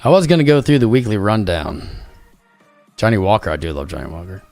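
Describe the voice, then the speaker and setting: Tired, low-voiced man rambling on a stream. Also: very animated, fairly quick, a little mellow, no room sound, faint music behind. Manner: rambling, jokey, trailing off. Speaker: crypto livestream host. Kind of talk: casual livestream chat.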